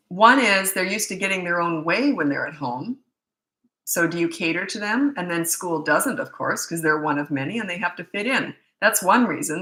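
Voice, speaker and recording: A woman's voice: lowish voice, sharp tone, roomy sound, poor audio. A middle-aged woman, a parenting coach, answering viewer questions in a blunt, candid and chatty way.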